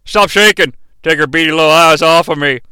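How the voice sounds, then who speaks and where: This is a crude, cocky tough guy, put on by a man who drawls his insults with plenty of swagger. The voice sits high and bright, and the tone is smooth. The recording is dry and close. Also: brisk, dry recording. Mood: taunting. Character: gruff brash male wrestler-turned-referee, profane.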